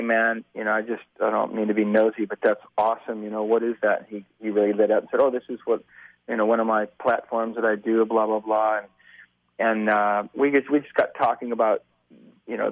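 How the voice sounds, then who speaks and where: A man in his fifties, a musician guest telling stories over the phone, animated and acting out the voices of the people he quotes. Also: lowish voice, dry recording. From United States. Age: 50s. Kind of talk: casual storytelling on a phone interview. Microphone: telephone. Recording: tinny phone line.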